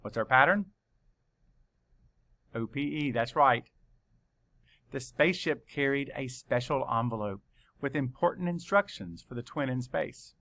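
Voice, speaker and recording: A man teaching a spelling lesson to children, spelling words out letter by letter in a slow, deliberate way. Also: medium pitch, expressive, pushed and bright.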